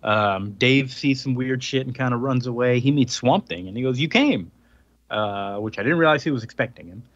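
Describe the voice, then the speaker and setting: A man's voice: medium pitch, fairly quick, a bit bright, no echo, highs cut off. A man co-hosting a podcast, retelling a comic's plot in a rambling casual way with lots of fillers. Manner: rambling, filler-heavy retelling with acted-out quotes. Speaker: podcast co-host. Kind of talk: casual chat recapping a comic.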